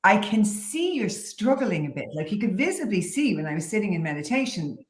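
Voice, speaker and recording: A woman's voice: medium pitch, very animated, a little fast. A woman guest who teaches meditation talks in a candid, reflective way and laughs easily in a casual interview. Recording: roomy echo.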